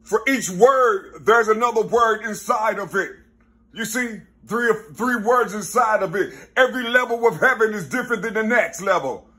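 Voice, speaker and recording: A man talking in a rambling, casual monologue, full of street slang and constant "you see?" checks, now and then laughing or bursting out loud. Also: high-pitched, moderate pace. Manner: street slang, repeats "you see?" and "you know what I'm saying?"; excitable, mixes laughs and sudden loud bursts.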